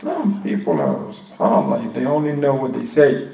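A man's voice: mid-range voice, huge pitch swings, moderate pace, vocal fry, warm tone. A man giving a religious lesson in English with a non-native accent, often switching into Arabic phrases and recitation. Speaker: Islamic teacher. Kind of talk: religious lesson explaining a text. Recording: echoey room, voice from far off.

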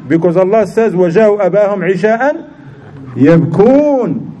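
Storytelling teacher in a mellow voice, faint hiss. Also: male voice, high-pitched, lively intonation, rapid-fire, low-quality recording. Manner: storytelling with questions to the audience, acts out voices. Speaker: Islamic teacher. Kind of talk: informal religious lesson.

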